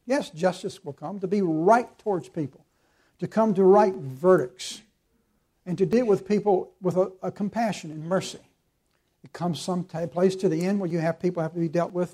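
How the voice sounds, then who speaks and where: A man's voice: fairly high pitch, dark tone, breathy edge. A pastor preaching an earnest, emphatic sermon, quoting scripture and calling his listeners to forgive.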